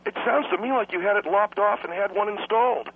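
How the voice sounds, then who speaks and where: A man's voice: high-pitched, brisk, breathy edge. A young adult man calling in to a radio show, cheeky and rambling, stumbling over his words. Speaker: radio caller. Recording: tinny phone line.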